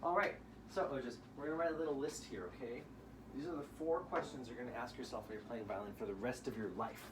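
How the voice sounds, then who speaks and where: Relaxed male violin teacher, distant mic. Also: medium pitch, fast, loud music behind the voice. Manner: relaxed, explains with sung examples. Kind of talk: casual one-on-one music lesson. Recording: distant room mic with noise.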